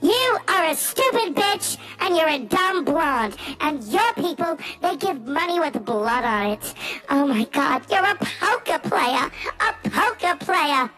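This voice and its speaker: Man's impression of an older woman comic, high and sharp, wildly swooping, slow and campy. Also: wildly swooping pitch, soft background music, heavily acted, rough recording. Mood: scornful. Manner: campy, cutting insults, drawn-out words.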